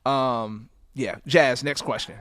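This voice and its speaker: A man co-hosting a casual livestream, animated and playful, often repeating his words. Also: medium pitch, takes it slowly. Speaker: podcast co-host.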